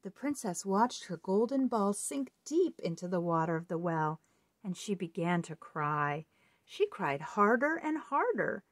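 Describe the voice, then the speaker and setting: A woman reading a children's picture book aloud in an expressive read-aloud delivery. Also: medium pitch, measured pace, no room sound, clean studio sound. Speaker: storybook reader.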